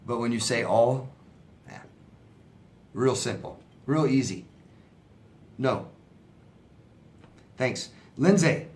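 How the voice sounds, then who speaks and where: A man's voice: mid-range voice, slow pace, long pauses, a little mellow. A man answering viewer questions as a relationship coach, in a conversational, sympathetic way, often asking "right?". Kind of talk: casual advice talk.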